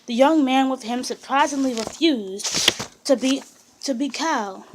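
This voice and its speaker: A woman's voice: sits high, measured pace, slight background noise, low-quality recording. Woman reading a biography aloud. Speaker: narrator.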